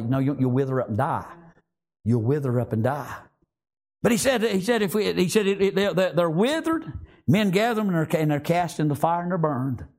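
Husky animated preacher man. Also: fairly high pitch, moderate pace. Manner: animated preaching with frequent repetitions and amens. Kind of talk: sermon.

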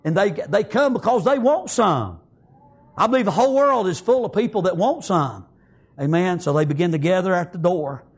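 High-voiced fervent male preacher. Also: animated, moderate pace, slightly rough. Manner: fervent, swinging from hushed to shouting, peppered with amens. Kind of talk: sermon.

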